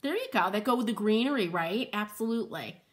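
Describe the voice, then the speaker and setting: A woman's voice: mid-range voice, animated, fairly quick. A woman hosting a live painting demo, chatting with viewers and reading out their comments while she works, with playful asides and frequent laughs.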